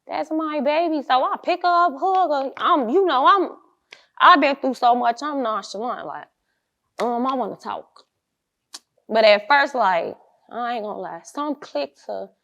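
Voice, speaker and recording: A woman's voice: high-pitched, animated, a little slow, creaky, fairly bright tone, highs cut off. A young woman, an interview guest, telling her life story bluntly in street slang and acting out the people she quotes.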